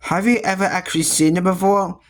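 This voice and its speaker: Male reader doing a bratty shouty schoolboy, pitched up, storybook read-aloud. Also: steady tone, fast talker, close to an everyday voice. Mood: scornful. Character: whiny, cheeky schoolboy who shouts a lot.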